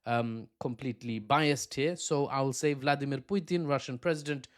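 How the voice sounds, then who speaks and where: A man hosting opinionated geopolitical commentary, talking with animated, self-mocking asides. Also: mid-range voice, moderate pace. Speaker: host.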